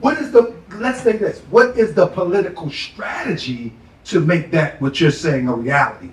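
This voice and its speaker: A man who feels his way hesitantly into a question, with a slightly high voice. He sounds set back from the mic in a roomy space. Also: moderate pace, distant mic. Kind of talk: conversational questioning.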